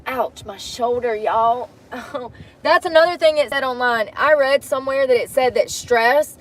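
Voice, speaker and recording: A young woman, chatting casually to camera from inside a vehicle, often dropping to soft mutters. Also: sits high, unhurried. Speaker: vlogger. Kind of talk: casual vlog talk to camera. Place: inside a vehicle bed at night.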